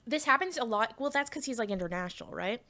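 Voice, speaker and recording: Quick and animated, this Canadian VTuber's voice sits on the high side with a sharp tone. She reads messages from her chat aloud and replies, swearing freely in a frank, casual livestream.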